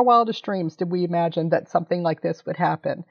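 A woman in her fifties telling an animated story as an interview guest, laughing often and swearing casually. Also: lowish voice, fairly quick, vocal fry. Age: 50s. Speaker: interview guest, documentary maker. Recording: dull lo-fi audio.

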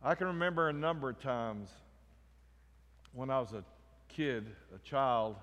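A man preaching a sermon, swinging between loud emphatic lines and quiet ones. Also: medium pitch, expressive, a little slow, lo-fi sound. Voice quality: emphatic, rising and falling in volume. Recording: echoey hall reverb.

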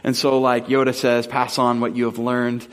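Preaching as a pastor, a Southern California man speaks in a monotone, mid-range voice. His storytelling starts off casual and peppered with "like" and "um" before it slows into sincere questions.

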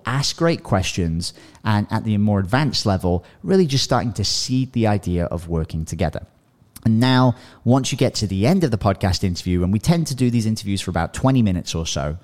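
A slightly low-voiced man coaches his listeners in a loose, chatty podcast style. He talks with animation, drops in "you know" and "right?" often, and slips into sample dialogues as he teaches. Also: a little mellow. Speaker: podcast host and business coach. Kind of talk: casual coaching talk.

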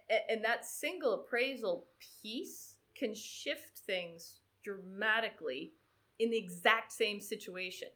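A woman's voice: mid-range voice, a little slow. A woman sports psychologist guest, talking in a conversational interview and telling an anecdote with acted-out dialogue. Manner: animated storyteller, acts out quoted dialogue.

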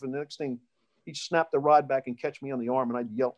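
Middle-aged man, slightly high voice, rambling storyteller being interviewed. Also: expressive, brisk, vocal fry, a little mellow. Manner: rambling, with restarts and storytelling asides. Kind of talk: casual life-story interview.

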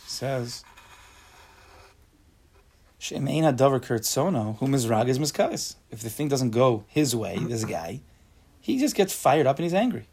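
A man teaches a casual Torah class, reading a text and then explaining it in plain words. His voice is gravelly and a little husky. He acts out angry everyday voices and keeps putting questions to the class. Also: medium pitch, big pitch swings, measured pace, long pauses, darkish tone.

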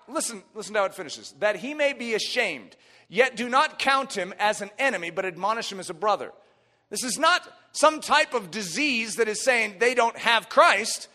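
A man preaching a sermon with emphatic swings from soft to shouted lines, reading scripture in old-fashioned wording. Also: very high-pitched. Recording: long hall reverb.

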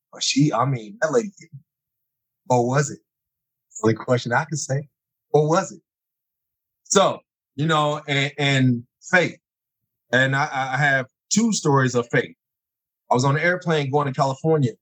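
Animated storytelling man, lively pitch. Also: low-quality recording. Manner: lively, acts out scenes with sudden high-pitched exclamations. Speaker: guest telling personal stories.

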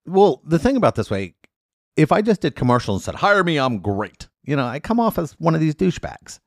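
Animated man telling funny stories. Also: fairly high pitch, fairly quick, dry recording, clean studio sound. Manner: animated, acts out quotes in loud voices. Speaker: lawyer and guest. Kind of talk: casual storytelling chat.

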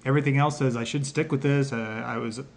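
A man hosting a podcast interview, enthusiastic and quick with affirmations. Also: mid-range voice, steady tone. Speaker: podcast host. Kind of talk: casual interview chat.

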